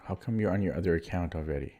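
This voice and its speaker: A man streaming chess, thinking aloud in a low-key, muttering way as he works through puzzles and questions his own moves. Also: racing, mellow, muffled recording. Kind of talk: casual thinking aloud while solving puzzles.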